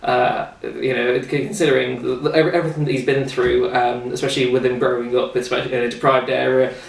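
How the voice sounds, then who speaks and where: A man's voice: mid-range voice, flat delivery, fairly quick, vocal fry, far from the mic. Chatty English man hosting, roomy echo. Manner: chatty, rambling, many fillers. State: slightly out of breath. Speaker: host. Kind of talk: casual chat and card trick demo. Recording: roomy echo, off-mic, faint noise.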